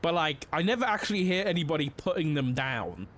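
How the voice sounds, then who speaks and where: A man's voice: fairly high pitch, animated, a little fast, fairly bright tone. Young male streamer, casual roleplay-cop chatter, loose and rambling, faint hiss under the voice. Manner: rambling, filler-heavy, with frequent "like". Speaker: streamer playing a police officer in a roleplay game.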